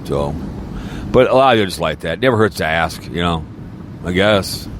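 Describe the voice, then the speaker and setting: Low-voiced man ranting crudely. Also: animated, normal speed, noisy background. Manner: rambling, crude and mocking. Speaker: podcaster. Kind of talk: casual rant to camera. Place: in a car, snowy weather.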